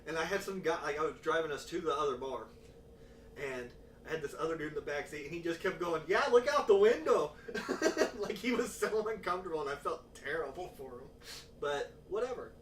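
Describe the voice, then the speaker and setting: A man in casual podcast chat, telling stories with plenty of swearing and acted-out quotes. His voice sits a little high. The sound is roomy and distant, with faint noise behind him. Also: quick pace. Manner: profane, animated storyteller acting out quotes.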